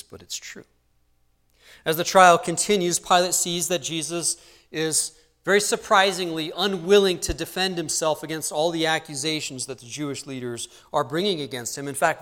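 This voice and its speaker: A man giving an expository Bible teaching, measured and explanatory, letting his voice drop low and soft on asides. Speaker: preacher.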